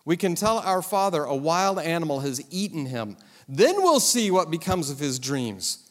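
A man's voice: fairly high pitch, big pitch swings, moderate pace. A man voicing sly scheming brothers. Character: scheming jealous brothers, young men. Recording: long hall reverb.

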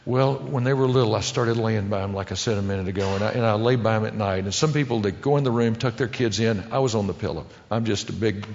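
A middle-aged man preaching a sermon to men, telling family stories in a folksy, emotional way that swings between loud and hushed. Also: fairly low pitch, fast, creaky, few pauses. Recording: dull sound with long hall reverb.

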